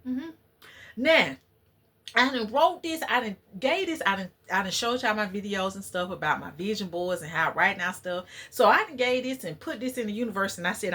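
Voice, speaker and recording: Husky woman chatting to her viewers. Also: high voice, animated, normal speed, sharp tone. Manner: chatty, preachy, talks to viewers as y'all. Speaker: channel host. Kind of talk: casual chat to camera.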